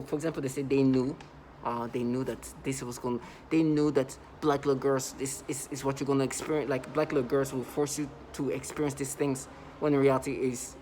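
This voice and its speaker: A man of middle pitch talks straight to his viewers in a loose, insistent monologue. He keeps circling back and restarting his phrases. A faint hiss sits under his voice. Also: warm tone, rough recording. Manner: repetitive, emphatic, many restarts. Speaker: vlogger. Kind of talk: casual monologue to camera.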